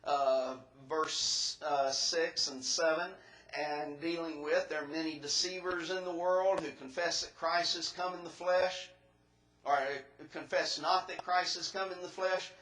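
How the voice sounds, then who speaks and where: Bright-voiced man preaching in an echoey church. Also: on the high side, fairly even intonation, a little slow. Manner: methodical, teaching step by step. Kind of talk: expository sermon.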